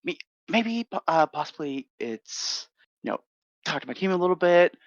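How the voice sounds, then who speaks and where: A man voicing a male fitness influencer who hedges and rambles politely, in fast bursts. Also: fairly high pitch, lively intonation, no room sound, pitched above the performer's own voice. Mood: evasive. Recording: dull, dry lo-fi audio.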